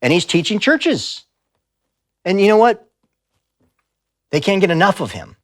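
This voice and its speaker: A man's voice: high-pitched, very animated, unhurried, dry recording, studio quality. A man giving a live talk in a church, speaking emphatically and telling stories with quoted voices. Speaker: pastor and speaker. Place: church sanctuary.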